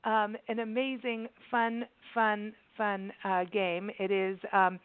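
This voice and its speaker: A woman's voice: mid-range voice, flat delivery, slow, smooth. A woman hosting a radio talk show, chatting casually and rambling, with frequent giggles and loose restarts. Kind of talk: casual interview chat. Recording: tinny phone line, dry.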